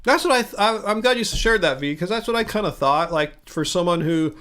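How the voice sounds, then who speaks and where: High-voiced American man chatting on a livestream. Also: expressive, a little fast, bright, forceful tone. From United States. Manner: rambling and curious, many fillers and restarts; eating while talking. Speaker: livestream host. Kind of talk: casual livestream chat answering viewer comments.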